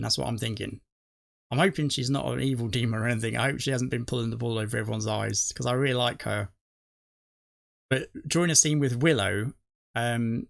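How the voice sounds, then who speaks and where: Rambling man with a gravelly voice. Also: medium pitch, a bit bright. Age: middle-aged. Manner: rambling, self-correcting, chuckles at himself. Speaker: reaction video host. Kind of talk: casual rambling commentary.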